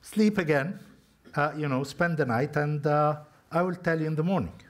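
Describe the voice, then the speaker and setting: A man's voice: a little high, normal speed, close to an everyday voice. A man voicing a wavering, greedy male prophet who makes rambling excuses. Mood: sheepish evasive.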